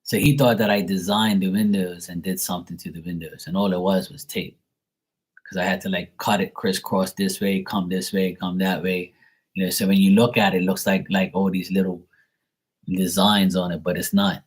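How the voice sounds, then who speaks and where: A man's voice: low-pitched, little pitch movement, moderate pace, slightly rough. A man in his forties telling a rambling family story in a casual way, with lots of filler words. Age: 40s. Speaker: tarot reader and channel host.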